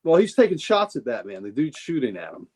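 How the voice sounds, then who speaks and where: A man's voice: a little high, very animated, fairly quick, darkish tone. Enthusiastic rambling male comic collector. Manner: enthusiastic, rambling, repeats words. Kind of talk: casual livestream chat showing comics.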